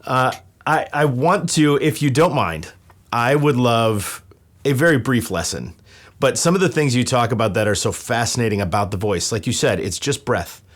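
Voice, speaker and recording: A man's voice: medium pitch, expressive, normal speed. A man hosting a podcast, asking long, earnest questions. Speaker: podcast host. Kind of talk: conversational interview.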